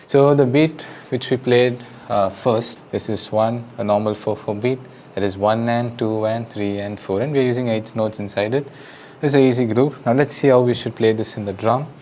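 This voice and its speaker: A man's voice: mid-range voice, moderate pace, slight background noise. A man with an Indian English accent teaching drums in a casual, patient way, counting beats aloud and giving friendly step-by-step instructions. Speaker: drum teacher. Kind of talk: casual spoken lesson. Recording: loud drum music behind the voice. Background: drums and music.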